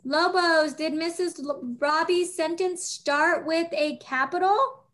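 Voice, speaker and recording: A woman teaching young children over a video call, patient and encouraging, speaking slowly and clearly. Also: very high-pitched, fairly bright tone.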